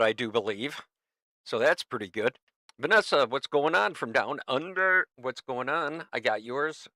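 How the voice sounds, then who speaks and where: A man's voice: medium pitch, animated, unhurried, pushed and bright, no echo. An older man hosting an art livestream, chatting casually in rambling bursts with restarts. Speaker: livestream host.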